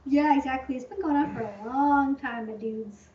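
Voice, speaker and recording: High-voiced chatty woman, echoey room. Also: normal speed, a loud crowd. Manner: chatty, rambling, heavy use of "like", fond of hyperbole. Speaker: channel host answering viewer questions. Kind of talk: casual livestream Q&A. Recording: echoey room, distant muffled mic.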